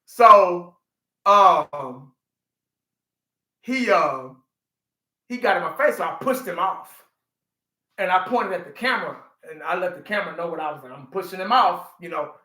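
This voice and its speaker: A man in his forties chatting casually on a livestream, an animated storyteller who laughs often and talks to his chat. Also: sits high, a little slow, long pauses, echoey room, poor audio. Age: 40s. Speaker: livestream host.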